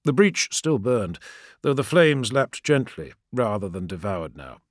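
A man narrating a story in a measured, dramatic storytelling manner. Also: fairly low pitch, very animated, no echo, studio quality. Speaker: audiobook narrator. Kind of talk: scripted narration.

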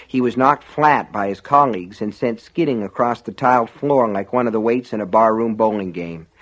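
A man reading an audiobook in a measured, dramatic storytelling manner. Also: medium pitch, lo-fi sound. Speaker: audiobook narrator. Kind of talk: scripted audiobook narration.

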